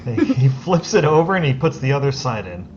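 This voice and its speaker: Male game master, halting narrator full of "uh"s and pauses; muffled lo-fi take with noise behind. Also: medium pitch, sing-song, darkish tone. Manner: slow, halting narration with many fillers. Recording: lo-fi recording with clear background noise.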